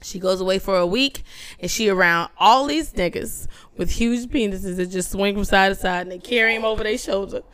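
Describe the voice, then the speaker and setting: A woman co-hosting a podcast in casual chat, loud and laughing often as she acts out jokes. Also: medium pitch, brisk, clear, resonant tone. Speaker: podcast co-host.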